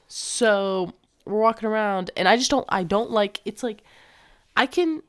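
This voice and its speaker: A young woman telling a casual storytime vlog, animated and slangy, swearing freely and acting out what people said. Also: medium pitch, a little slow.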